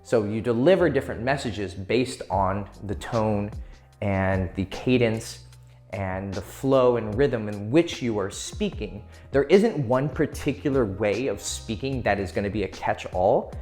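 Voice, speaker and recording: A man's voice: lowish voice, a little slow, a little mellow, faint music behind. A man giving casual dating advice to camera, swearing freely and playfully shifting his tone to demonstrate. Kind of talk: casual advice monologue for video.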